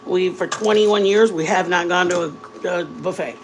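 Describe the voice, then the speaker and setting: A woman's voice: lowish voice, normal speed, a little hiss or hum, rough recording. A woman in her forties, a vlogger, chatting casually with her viewers while baking at home and telling long stories. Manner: chatty storyteller addressing viewers directly.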